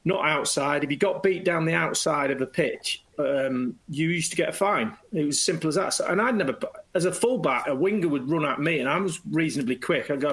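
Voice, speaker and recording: Middle-aged guy telling old football stories, lively, slips into voices, bit high voice. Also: fairly quick, hardly any pauses, slightly rough, low-quality recording. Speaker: guest, former footballer. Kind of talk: anecdotal storytelling.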